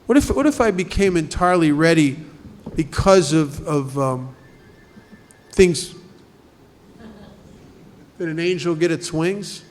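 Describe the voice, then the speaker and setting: A man's voice: on the high side, animated, slow, pauses often, slight background noise. A man speaking at a recovery group study, talking conversationally and asking many rhetorical questions. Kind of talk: recovery talk.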